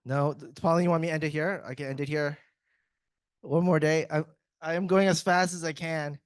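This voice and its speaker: A man's voice: a little high, steady tone, brisk, smooth, dry recording. A man in IT giving a casual, joking conference presentation, chatty and often breaking off mid-sentence to restart. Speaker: IT speaker at a tech summit.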